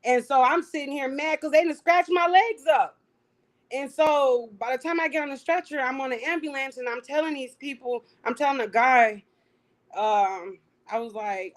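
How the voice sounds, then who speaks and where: Woman, young adult, interview guest, emotional storytelling, fairly high voice. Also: normal speed. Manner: animated, acts out her own past lines.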